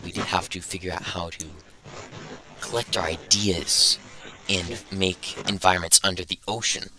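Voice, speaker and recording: A man's voice: deep voice, sharp tone, slight background noise, low-quality recording. A young man hosting a casual podcast, rambling and thinking aloud as he goes. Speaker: podcast host.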